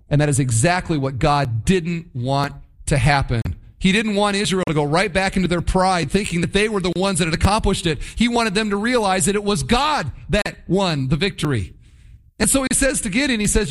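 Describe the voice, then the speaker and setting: A man preaching a sermon, reading scripture and retelling the story with lively, acted-out asides. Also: high-pitched, normal speed. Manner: lively storytelling, acts out voices of the people in the story. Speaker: pastor. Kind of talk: sermon, Bible teaching.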